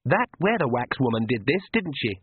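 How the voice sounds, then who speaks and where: A man's voice: medium pitch, big pitch swings, breathy edge. A man voicing a sneering young vampire woman. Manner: sneering, drawn-out sarcasm. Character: scornful young female vampire, sharp-tongued. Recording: tinny lo-fi radio broadcast.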